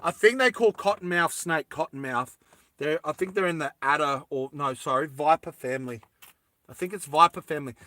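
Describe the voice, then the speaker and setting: A man's voice: on the high side, moderate pace, pushed and bright, no room sound. A man chatting casually through a lighter repair, rambling into jokey tangents and correcting himself as he goes. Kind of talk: casual how-to chat.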